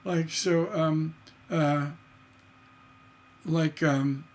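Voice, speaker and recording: A man's voice: on the high side, fairly even intonation, very slow. A man teaching songwriting on a livestream, enthusiastic and singing rhythm syllables to show his points. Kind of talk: livestream lesson.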